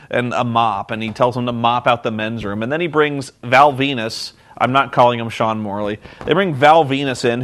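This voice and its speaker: A man's voice: mid-range voice, fairly bright tone. A man giving a sarcastic, comedic recap of a wrestling show, often acting out the people in it with silly voices. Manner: sarcastic, mocking, acts out quotes in silly voices. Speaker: reviewer.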